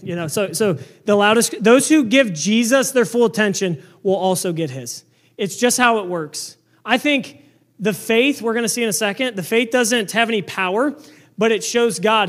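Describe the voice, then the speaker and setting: A young man preaching a sermon to his congregation in an animated, conversational way, full of rhetorical questions. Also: high voice, moderate pace. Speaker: pastor.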